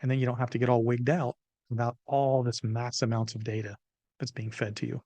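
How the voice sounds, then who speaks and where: A middle-aged man tells emphatic, animated stories as an interview guest. His voice sits in an ordinary middle pitch. The recording is close and dry with no room sound. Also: brisk, no room sound. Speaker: business consultant guest. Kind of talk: interview storytelling.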